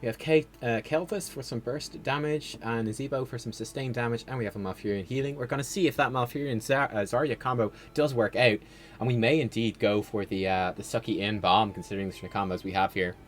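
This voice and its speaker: A man streaming a video game, giving casual, rambling commentary with sudden excited outbursts. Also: medium pitch, fairly quick, slight background noise. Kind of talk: casual livestream gameplay commentary.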